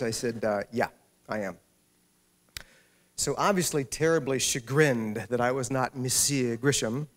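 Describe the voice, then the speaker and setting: A man, an author, giving a talk to a library audience and telling a funny anecdote. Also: mid-range voice. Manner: storytelling with humor. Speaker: author speaking at a library event. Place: public library hall.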